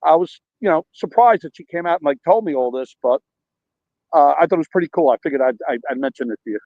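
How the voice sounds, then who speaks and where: A man's voice: fairly high pitch, animated, quick pace, no echo, phone-quality sound. A man calling in by phone from a park, rambling animatedly through a story with quoted dialogue. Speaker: caller. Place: outdoors at a park.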